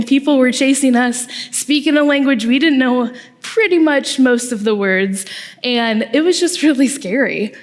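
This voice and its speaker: A young woman, a small group leader, giving a conversational youth-ministry sermon with asides and tag questions in a church hall. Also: on the high side. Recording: long reverb from a large hall.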